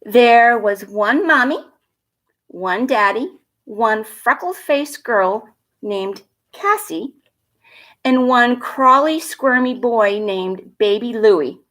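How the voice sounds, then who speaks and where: A woman from a school reading a picture book aloud to children at home, gentle and expressive, a little nervous, chatting to the kids between pages. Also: a little high. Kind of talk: storybook read-aloud for children.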